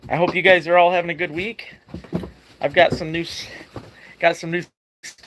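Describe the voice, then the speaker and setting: Casting note: tired man, fishing stream host, slightly high voice, loose and chatty. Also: little pitch movement, normal speed, fairly bright tone, slight background noise. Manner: tired, greets viewers by name, laughs often. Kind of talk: casual live stream chat.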